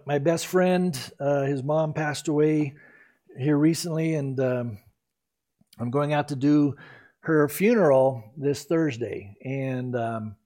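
A pastor preaching a sermon in an earnest, exhorting, emphatic way. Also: male voice, on the high side, a little mellow.

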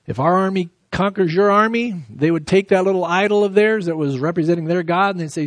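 A man preaching a verse-by-verse sermon, reading scripture slowly and then explaining it with lively emphasis. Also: high-pitched, no room sound. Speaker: pastor. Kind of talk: expository sermon.

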